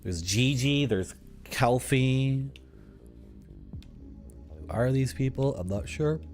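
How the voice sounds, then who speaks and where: Fields: Sex: man. Role: streamer. Style: casual gameplay commentary. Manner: animated, mildly profane musings. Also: mid-range voice, slow pace, faint music behind.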